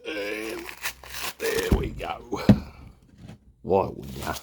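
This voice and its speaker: A man's voice: low-pitched, expressive, moderate pace, vocal fry, very noisy. A middle-aged Australian man telling a rambling, slangy yarn on his beer review vlog, swearing freely as he goes. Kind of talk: casual storytelling.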